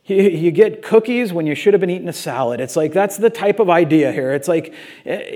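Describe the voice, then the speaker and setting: A middle-aged man preaching a sermon in a casual, animated storytelling way, acting out little voices as he goes. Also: high-pitched, fairly quick. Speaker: pastor.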